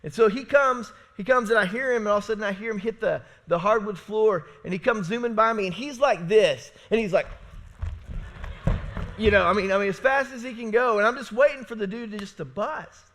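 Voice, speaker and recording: A middle-aged man preaching a sermon in a church, with a notably high-pitched voice. His tone is bright and forceful, and he tells his points like a casual story. He keeps checking in with the room with "right?" and moves between booming emphasis and quiet, low asides. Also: a little fast. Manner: conversational storytelling, frequent "right?" and repetitions; swings between loud emphatic and hushed low passages. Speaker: pastor. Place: church sanctuary.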